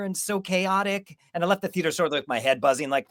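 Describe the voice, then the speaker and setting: A slightly higher-voiced American man hosts a film podcast, telling candid personal stories about watching movies. The sound is dry and close, with no room echo. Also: lively intonation, fast talker, hardly any pauses. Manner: candid opinions, personal anecdotes. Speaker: podcast host. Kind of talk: casual film-discussion chat.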